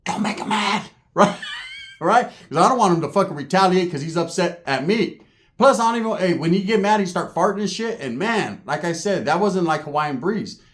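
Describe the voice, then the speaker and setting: Man, casual profane storytelling, fairly high voice, lively, jokey. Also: brisk. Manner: animated, jokey, swings between loud and hushed. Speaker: storyteller recalling prison time.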